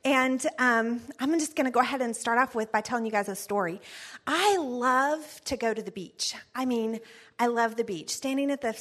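A middle-aged woman speaking at a church parenting class, telling a chatty, animated story and laughing often. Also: a little high, moderate pace. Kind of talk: storytelling talk.

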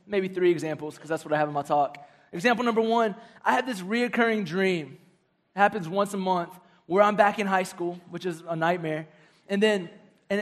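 Man, thirties, youth sermon, high-pitched, animated, humorous stories. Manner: animated storytelling with jokes. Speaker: youth pastor.

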